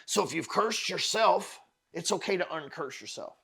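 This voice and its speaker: A man's voice: sits high, expressive, normal speed, vocal fry, sharp tone, breathy edge. A man hosting a podcast, giving a blunt, profane motivational monologue that circles back on its points. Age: adult parent of four. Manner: emphatic, profane, repeats words while building a point. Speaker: podcast host.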